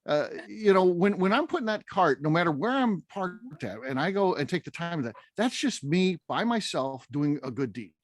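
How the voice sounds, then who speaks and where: A male host with a lively, swinging pitch chats casually and teases his co-hosts. His voice sounds dry and close, with a joking edge to the banter. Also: moderate pace, hardly any pauses, no room sound. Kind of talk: casual radio chat.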